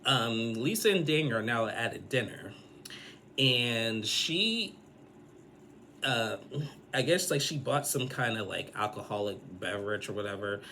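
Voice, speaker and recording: A man's voice: mid-range voice, expressive, a little slow, sharp tone, slight background noise. A man giving a casual, rambling episode recap, full of fillers and restarts. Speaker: recap vlogger.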